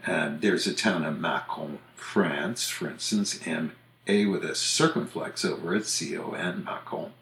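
Man, very low voice, casual explainer, spells words letter by letter, echoey room. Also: a little slow, creaky, fairly bright tone. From United States. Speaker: podcast host on English usage.

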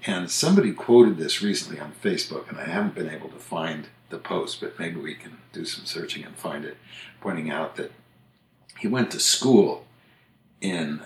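Older male co-host, very low voice, chatty reader, echoey room. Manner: chatty, reads entries aloud. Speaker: podcast co-host, author. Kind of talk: casual chat and reading aloud. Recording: roomy echo.

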